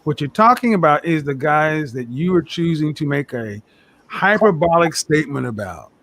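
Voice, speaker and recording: A man's voice: on the high side, animated, moderate pace, a bit bright, slight background noise. Argumentative man reeling off statistics. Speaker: panel guest. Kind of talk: casual panel debate.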